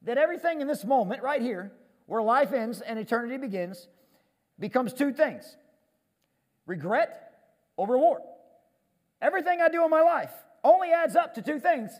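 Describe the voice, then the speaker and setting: A man preaching a sermon on stage as pastor, animated and self-deprecating, often repeating words as he gets going. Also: very high-pitched, a little fast, in a large hall. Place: church stage.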